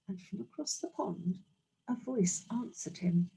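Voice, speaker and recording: A woman teacher reading a picture book aloud to young children, slow and expressive, with friendly asides. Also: medium pitch, gravelly, husky, rough recording. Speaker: early years teacher.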